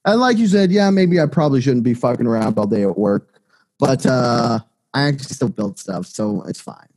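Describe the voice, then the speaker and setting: A man's voice: mid-range voice, animated, normal speed, darkish tone. A man co-hosting a casual podcast, telling crude, joking stories from his day. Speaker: podcast co-host.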